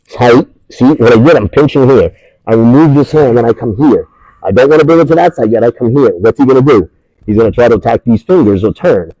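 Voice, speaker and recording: A husky-voiced man leads a hands-on martial arts lesson at a training camp. He talks his students through each move in short, punchy bursts and adds sound effects as he goes. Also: mid-range voice, warm tone. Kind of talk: hands-on technique demonstration.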